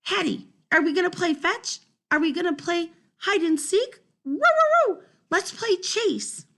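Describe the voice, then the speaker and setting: A woman voicing an excitable young male pet dog in a storybook read-aloud, breaking into howling barks between words. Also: very high-pitched, a little slow, voice pushed up, exaggerated voice. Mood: excited.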